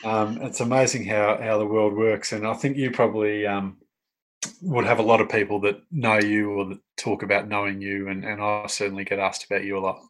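A middle-aged man with an Australian accent, interviewing in a relaxed conversation and telling animated stories. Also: on the low side, a little fast, poor audio. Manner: chatty storyteller, animated when telling anecdotes. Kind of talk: casual conversation.

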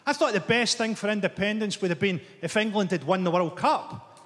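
High-voiced Scottish stand-up man. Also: a little fast, a bit bright. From Scotland. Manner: dry, sardonic delivery. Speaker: comedian. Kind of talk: stand-up comedy. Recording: broadcast from a live hall with audience. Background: audience laughter.

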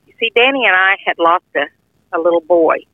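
A woman's voice: fairly low pitch, a little fast, no room sound. An older woman earnestly telling a heartfelt personal testimony in plain, informal speech. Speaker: guest sharing a testimony. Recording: tinny phone-line audio, dry.

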